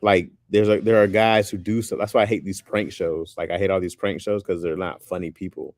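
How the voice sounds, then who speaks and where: Casual male streamer, deep voice, dry close sound, animated and loose. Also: fairly quick, no room sound. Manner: loose and animated, says "bro" often. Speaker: streamer chatting with viewers. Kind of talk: casual chat.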